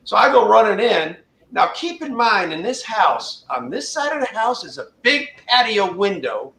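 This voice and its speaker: A man's voice: high voice, very animated, normal speed, gravelly, bright, forceful tone, reverberant, poor audio. A man casually telling a funny story on a livestream, acting out the people he quotes. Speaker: guest storyteller.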